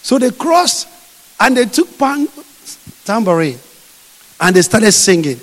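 A man preaching a sermon, telling a Bible story with lively acting. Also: high voice, slow pace, long pauses. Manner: animated storytelling, acting out scenes. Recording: echoey hall.

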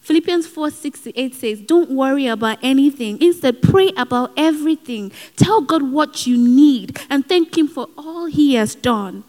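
A woman preaches with earnest urgency, mixing exhortation with personal asides. Her voice sits high, and each phrase rings on in a large hall with long reverb. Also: animated, normal speed, few pauses, a little mellow. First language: not given. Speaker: speaker at a Christian gathering. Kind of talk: sermon.

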